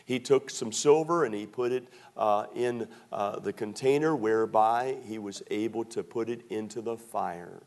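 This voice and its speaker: A middle-aged man from Maryland preaching a sermon, telling stories with slow, drawn-out emphasis and many fillers. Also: lowish voice, creaky, darkish tone. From Maryland, USA.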